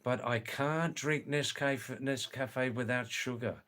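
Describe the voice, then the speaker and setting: A man's voice: medium pitch, slow pace, fairly bright tone. A man with an Australian accent hosting a casual live stream, chatting and reading viewer comments aloud. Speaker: livestream host reading chat.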